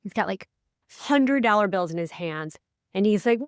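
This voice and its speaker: A woman co-hosting a casual podcast, a life coach who tells stories with lively, acted-out quotes. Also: normal speed, clear, resonant tone, no room sound, clean studio sound. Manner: animated storyteller, acts out quotes with big pitch swings.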